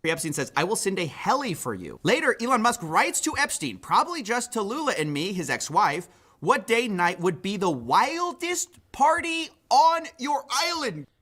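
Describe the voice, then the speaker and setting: A man's voice: sits high, big pitch swings, moderate pace, pushed and bright. A man hosting a commentary show, reading out reports and quotes with sardonic asides. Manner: sardonic, reads quotes aloud. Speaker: commentary host.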